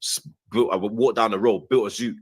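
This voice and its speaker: A young man, telling a story in casual, slangy chat and acting out what people said in a higher voice. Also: moderate pace, slightly rough. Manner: animated storyteller, slangy, acts out quotes in a higher voice. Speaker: show host.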